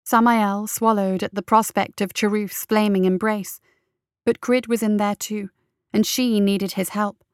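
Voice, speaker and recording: Smooth-voiced woman narrating an audiobook. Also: medium pitch, little pitch movement, normal speed, no room sound, clean studio sound. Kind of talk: scripted fantasy narration.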